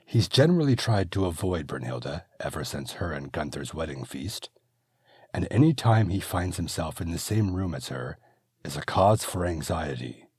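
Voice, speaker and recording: A man narrating his own fantasy audiobook in a steady, measured manner. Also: low voice, husky, no echo, studio quality. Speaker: author and narrator.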